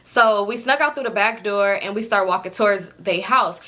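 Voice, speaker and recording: A woman vlogger telling a story casually, animated and slangy, swearing freely and talking to her viewers. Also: medium pitch, a little fast.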